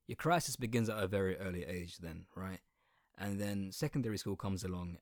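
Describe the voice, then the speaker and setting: Young man, English accent, Sylheti Bengali first language, casual reflective monologue, blunt with swearing, low-pitched. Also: no room sound, studio quality. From Colchester, England. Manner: candid, conversational, swears casually.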